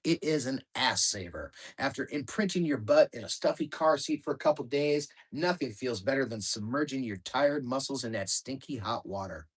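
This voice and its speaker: A man reading his own memoir aloud in a calm, measured, matter-of-fact way. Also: mid-range voice, husky. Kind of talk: audiobook memoir narration.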